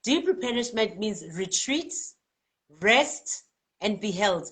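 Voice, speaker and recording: A South African woman hosting a live spiritual card-reading stream, reading out viewers' comments in a lively, chatty way and laughing often. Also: medium pitch, takes it slowly. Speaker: spiritual healer and card reader.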